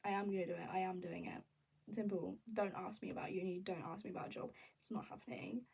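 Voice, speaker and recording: A young woman vlogging in a candid, rambling, animated casual chat. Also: fairly low pitch, fast talker, creaky, slightly rough, recorded from a distance, low-quality recording. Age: young adult.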